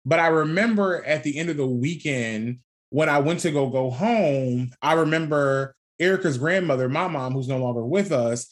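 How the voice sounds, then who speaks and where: A man's voice: on the high side, moderate pace. Young man telling a story candidly. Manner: candid storytelling, swears freely, laughs often. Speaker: podcast co-host. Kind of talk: casual chat.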